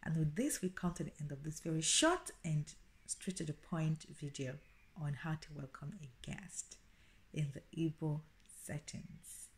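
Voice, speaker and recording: A woman giving a casual video language lesson, explaining slowly and repeating each phrase. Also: sits low. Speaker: language teacher.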